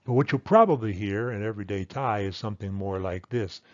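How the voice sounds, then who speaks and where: A man teaching a language lesson, explaining patiently and repeating example words slowly and carefully. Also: on the low side, no room sound. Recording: dull lo-fi dry sound.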